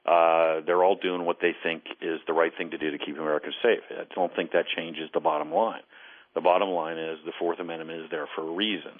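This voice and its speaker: A former intelligence case officer speaks as a guest on a call-in radio interview, earnest and deliberate, often repeating words as he starts a thought. His voice is low and flat, heard through a telephone over a phone line.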